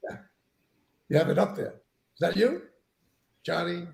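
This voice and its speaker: A man's voice: high voice, lively intonation, a little slow, a loud crowd. A man hosting a casual chat, earnest and reflective, thanking his guests. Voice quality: gravelly. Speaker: host.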